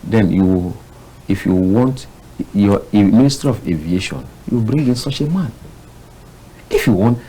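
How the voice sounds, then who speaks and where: A Nigerian man, a public affairs analyst, giving heated, exasperated commentary on a studio panel, his voice jumping to sudden high bursts. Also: animated, a little slow, mellow, slightly rough, rough recording.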